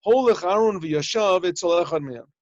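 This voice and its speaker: In a Torah lesson to his yeshiva class by video call, this rabbi uses a teaching tone, explaining plainly and rendering Hebrew phrases into English as he goes. He acts out small dialogues in his stories. His voice is high and a little fast, and the dry call audio is slightly muffled and lo-fi.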